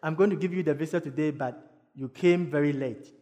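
A woman's voice: low-pitched, fairly quick, mellow, close to an everyday voice. A man quoting a kindly embassy visa officer. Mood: reassuring. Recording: long hall reverb.

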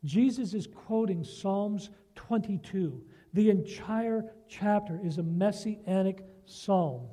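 A male preacher with a fairly high but mellow voice delivers a sermon at a slow, unhurried pace. He talks earnestly and keeps checking in with his listeners through rhetorical questions. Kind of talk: sermon with a story and scripture reading.

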